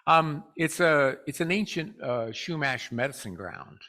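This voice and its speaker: A man giving a Sunday talk to a spiritual community. He tells a personal story in a relaxed, rambling way, stops often on "uh", and speaks directly to the congregation. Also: fairly high pitch. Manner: relaxed, rambling, with frequent "uh" pauses.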